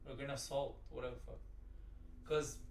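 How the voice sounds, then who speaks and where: A man's voice: mid-range voice, little pitch movement, a little fast, gravelly. A man giving profane, exasperated, rambling commentary while reacting to a video. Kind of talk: ranting commentary. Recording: roomy sound, distant from the mic.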